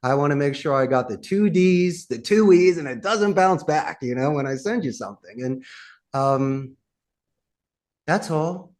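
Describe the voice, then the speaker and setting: An American man, a guest telemarketing trainer in a podcast interview, coaching in a punchy way with lots of rhetorical questions and slowing down to stress key points. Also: fairly high pitch, animated, a little mellow. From United States.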